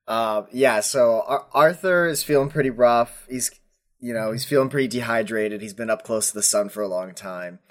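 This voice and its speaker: A man's voice: medium pitch, normal speed. A man describing his character's actions in a tabletop game, laid-back. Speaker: player. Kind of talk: casual tabletop play.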